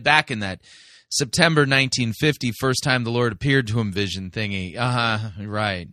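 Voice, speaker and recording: A man's voice: mid-range voice, moderate pace, sharp tone, no echo, clean studio sound. A man hosting a sermon review, commenting sarcastically and mockingly with lots of fillers.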